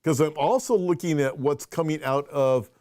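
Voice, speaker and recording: A man's voice: fairly high pitch, normal speed, a little mellow, dry recording, clean studio sound. A man, a pastor, hosting a casual conversational show with lots of restarts as he talks. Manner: conversational, restarts and fillers, reads viewer questions. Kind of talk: casual chat.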